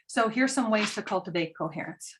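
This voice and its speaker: A woman's voice: mid-range voice, lively intonation, fairly quick, a bit bright, slight background noise. A middle-aged woman giving an earnest parenting talk, telling stories with frequent ums. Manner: earnest, storytelling with filler ums. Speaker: parenting educator. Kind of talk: presentation talk.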